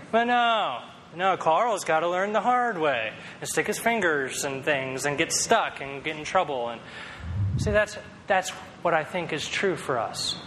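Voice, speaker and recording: A man's voice: on the high side, expressive, moderate pace, a bit bright, big-room sound, a little hiss or hum, low-quality recording. A man preaching a sermon in a conversational, storytelling way, with self-deprecating humor. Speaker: pastor.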